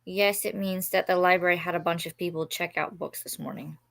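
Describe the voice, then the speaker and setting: Woman co-host, casual and relaxed, slightly low bright voice, dry close sound. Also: a little fast, vocal fry, no room sound. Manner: brief replies, relaxed and explanatory. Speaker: livestream co-host. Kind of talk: casual chat.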